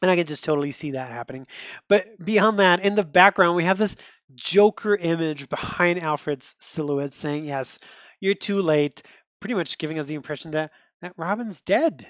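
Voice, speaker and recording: Casting: a rambling comic podcast host, 30s or older, average pitch, dry close sound. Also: normal speed, fairly bright tone, no echo. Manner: chatty, rambling, frequent restarts and laughs. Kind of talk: casual commentary reviewing a comic.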